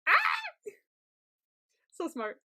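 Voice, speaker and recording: A woman's voice: extremely slow, fairly bright tone. A woman co-hosting a podcast, reacting to a TV episode recap in casual chat and laughing often. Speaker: podcast co-host.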